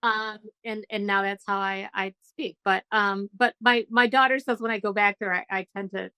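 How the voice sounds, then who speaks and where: Woman, UK-born bright, crisp-voiced storyteller. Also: medium pitch, steady tone, moderate pace, dry recording, poor audio. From United Kingdom. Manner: chatty storyteller, acts out quoted voices. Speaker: guest, trial lawyer and writer. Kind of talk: casual interview chat.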